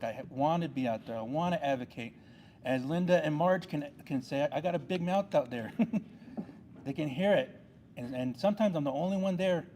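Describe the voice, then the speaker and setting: A man's voice: on the high side, darkish tone, a little hiss or hum. A man serving on a tribal council, giving an earnest ceremony speech with a repetitive, rallying delivery.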